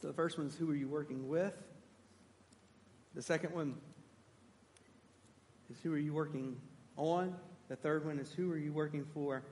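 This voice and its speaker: Man preaching, high voice, emphatic, echoing hall. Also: moderate pace, long pauses, slight background noise. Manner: animated, emphatic, asks the congregation questions. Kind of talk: sermon.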